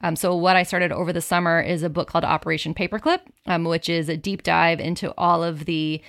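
Low, gravelly young woman with a Chicago accent. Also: steady tone, brisk, fairly bright tone, no echo, studio quality. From Chicago suburbs. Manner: chatty, upbeat, repeats words as she goes. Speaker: guest. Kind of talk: casual chat.

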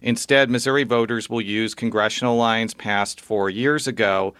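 Man filing a dry, steady news report. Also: on the low side, normal speed, smooth, no echo. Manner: steady, matter-of-fact reporting.

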